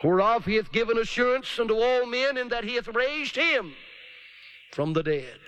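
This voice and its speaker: Animated preacher, lively high voice. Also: male voice, moderate pace, smooth, dry recording. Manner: animated, dramatic preaching with mocking put-on voices. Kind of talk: sermon.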